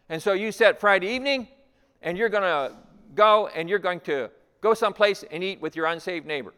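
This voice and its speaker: A male pastor delivers a sermon in a slightly raised voice, pressing his point with rhetorical questions and repeated phrases. He moves between loud emphasis and near-whispered asides. A long hall reverb trails every phrase. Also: high voice, moderate pace, clear, resonant tone. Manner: repeats key lines, asks rhetorical questions, swings from loud to hushed.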